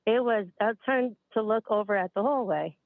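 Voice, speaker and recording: Speaking at normal speed in a mid-range voice, a chatty late-twenties caller from upstate New York recounts a spooky story, slightly out of breath. She talks to "you guys," and the sound is a dry, tinny phone line.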